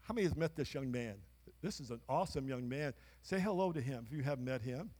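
A man's voice: mid-range voice, animated, quick pace, darkish tone. A man pastor preaching a sermon in a church, emphatic, with call-and-response to the congregation. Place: church sanctuary. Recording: long church hall reverb.

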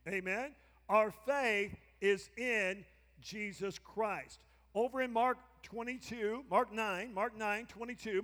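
A man's voice: high-pitched, a bit bright, long reverb tail. A male pastor preaching a sermon, emphatic and repetitive, often prompting the congregation to answer. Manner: emphatic preaching with repeated call-and-response prompts. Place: church sanctuary.

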